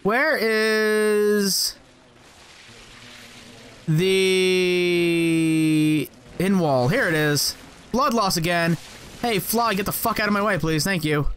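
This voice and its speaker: A man's voice: sits high, slow pace, pauses often, fairly bright tone, slight background noise. A man commenting on his own gameplay, cursing and joking at the enemies as he plays. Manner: profane, jokey, talks to game enemies. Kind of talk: let's play commentary.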